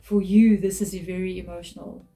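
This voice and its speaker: Woman tarot reader, mellow tone, heartfelt and repetitive delivery, soft music underneath. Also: lowish voice, little pitch movement, normal speed, poor audio. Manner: emotional, earnest, repeats phrases. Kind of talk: tarot reading to camera.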